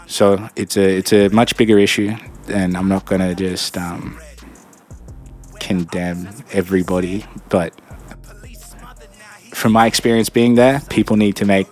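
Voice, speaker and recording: Young man, lowish voice, swearing casually through a story, faint music underneath. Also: fairly even intonation, a little slow, pauses often, a little mellow. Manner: blunt and profane, acts out other people's lines. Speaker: storyteller vlogger.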